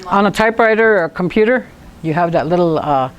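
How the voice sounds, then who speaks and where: A woman teaching a language class, telling funny stories with frequent laughter and sounding out syllables slowly. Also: lowish voice, expressive.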